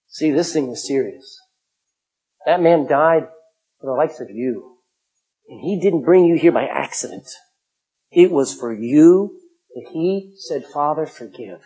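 A middle-aged male pastor preaching a sermon, emphatic, swinging from loud calls to hushed asides. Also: medium pitch, husky.

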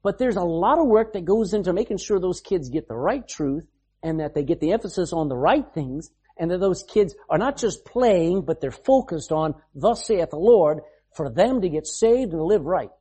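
Husky-voiced preacher man. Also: sits high, expressive, moderate pace, dark tone. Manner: emphatic preaching, reads scripture aloud. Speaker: pastor. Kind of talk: sermon.

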